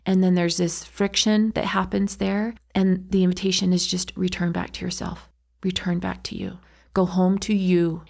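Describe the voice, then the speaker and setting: A woman's voice: lowish voice, vocal fry. A woman, an enneagram educator, speaking as a guest in a podcast interview, with a reflective teaching tone.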